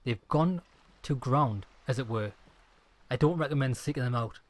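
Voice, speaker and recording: A man voicing a calm, poised middle-aged woman negotiator in a video game, with a measured, formal delivery. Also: medium pitch, no room sound, natural voice. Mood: composed.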